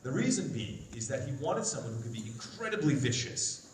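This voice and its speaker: A man's voice: medium pitch, big pitch swings, brisk, a little mellow, a little hiss or hum. A voice actor telling behind-the-scenes stories on a convention panel. He talks animatedly and acts out the voices of the people he quotes. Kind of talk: anecdotal panel storytelling. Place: large convention hall. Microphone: phone recording from the audience. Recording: roomy, distant hall sound with faint crowd ambience.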